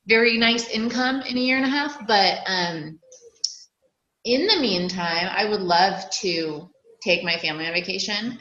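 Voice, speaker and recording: A woman's voice: on the low side, sharp tone, roomy sound, lo-fi sound. A woman sharing her long-term goals on a group call, chatty and rambling, with lots of "like" and "you know". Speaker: team member sharing goals. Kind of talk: casual chat on a group call.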